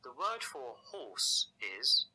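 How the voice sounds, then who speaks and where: Bright-voiced man narrating a language lesson. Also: medium pitch, very animated, slightly rough, rough recording. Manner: measured, explanatory delivery. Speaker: language teacher. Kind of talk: scripted instructional narration.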